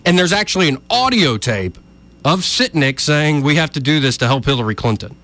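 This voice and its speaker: A man's voice: on the high side, expressive, fairly quick, a bit bright. A man giving argumentative political commentary, addressing his listeners directly. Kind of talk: opinion commentary.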